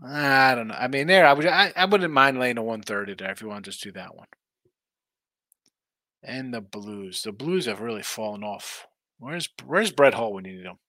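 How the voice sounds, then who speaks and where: A tired man hosts a live sports betting stream, yawning between picks and rambling along in a casual way. His voice has a bright, forward edge. The mic is close and dry, with no room sound. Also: mid-range voice, moderate pace, no room sound. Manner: rambling, reads viewer chat aloud. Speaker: sports betting show host.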